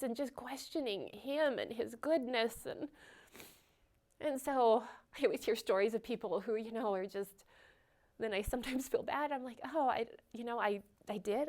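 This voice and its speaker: A woman's voice: fairly high pitch, a little mellow. A woman telling a personal testimony at church, earnest and emotional, with a chatty flow full of "like" and "you know.". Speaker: church member sharing testimony. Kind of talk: personal testimony, conversational storytelling.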